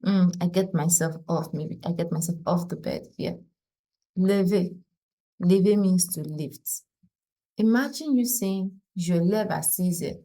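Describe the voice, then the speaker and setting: A woman's voice: fairly low pitch, unhurried, dark tone, poor audio. A woman teaching a French lesson, explaining patiently and repeating each conjugation aloud. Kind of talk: casual spoken lesson.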